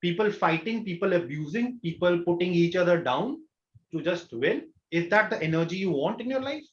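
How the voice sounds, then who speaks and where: A man's voice: high voice, expressive, normal speed. A man with an Indian accent, a coach giving an online workshop in an earnest manner, often asking the listeners rhetorical questions. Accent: Indian English. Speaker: law of attraction coach. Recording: roomy, dull lo-fi webinar audio.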